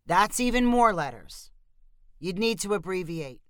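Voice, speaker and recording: A woman voicing a bored middle-aged female clerk who answers flatly and curtly in a storybook reading. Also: mid-range voice, unhurried, no echo, studio quality, close to an everyday voice. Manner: flat, curt.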